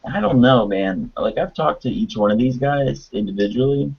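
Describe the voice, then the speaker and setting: A man's voice: medium pitch, animated, moderate pace, vocal fry, breathy edge. A man chatting casually on an online call, rambling with many fillers and restarts. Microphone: computer mic on a video call. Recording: dull lo-fi online call audio.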